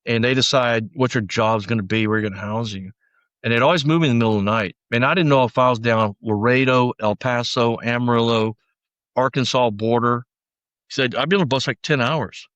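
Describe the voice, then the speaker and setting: A man's voice: medium pitch, brisk, a bit bright, no echo, lo-fi sound. A man as a podcast guest, telling his story bluntly in a rambling, casual way with lots of fillers. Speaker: podcast guest, former sheriff's deputy.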